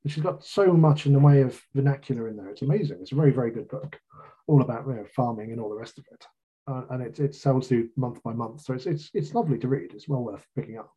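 A man's voice: medium pitch, fast talker, mellow, breathy edge, lo-fi sound. A man with a British accent, an author chatting casually in an interview, with a self-deprecating, jokey way of talking. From Britain.

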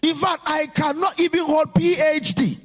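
High-voiced preacher shouting in sing-song. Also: male voice, flat delivery, normal speed, faint music behind. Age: adult. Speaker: pastor. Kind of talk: sermon.

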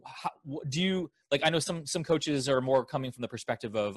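A man's voice: medium pitch, lively intonation, fairly quick, dry recording, clean studio sound. A man hosting a podcast, responding thoughtfully and asking a reflective question. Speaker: podcast host. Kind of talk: reflective interview talk.

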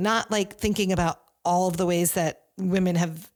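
A woman in her forties chatting on a podcast, telling stories in an animated way with quick asides. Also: lowish voice. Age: 40s. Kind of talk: casual podcast chat.

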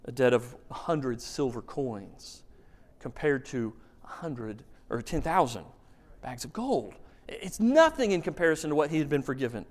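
A man's voice: medium pitch, lively intonation, normal speed. A man preaching a sermon as pastor, telling a story with emphasis and asking rhetorical questions. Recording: long reverb of a large hall.

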